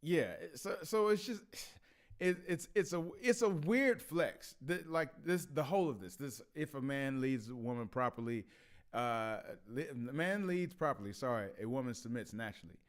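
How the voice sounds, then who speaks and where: A man's voice: medium pitch, animated, moderate pace. A man hosting a casual commentary vlog who laughs often and stammers through restarts. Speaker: vlog host.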